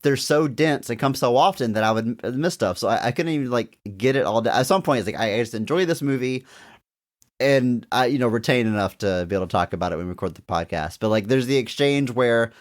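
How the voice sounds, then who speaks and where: A man's voice: medium pitch, quick pace. A man hosting a podcast, enthusiastically recounting scenes and acting out quotes. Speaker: podcast host. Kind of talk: casual podcast chat.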